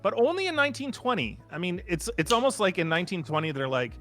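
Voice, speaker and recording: With soft music in the background, a Canadian podcast co-host talks fast, barely pausing, in a fairly high-pitched voice. He's chatty and jokey, sharing trivia in a lively, casual exchange.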